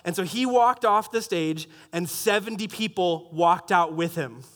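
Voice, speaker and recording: A young adult man telling a story in a sermon, animated and self-mocking, with many restarts. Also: high-pitched, unhurried. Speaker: pastor.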